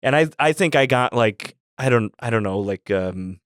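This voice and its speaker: Smooth-voiced man telling a story. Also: mid-range voice, lively intonation, no echo, studio quality. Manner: rambling, halting storyteller with many "like" fillers. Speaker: guest storyteller. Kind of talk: casual podcast storytelling.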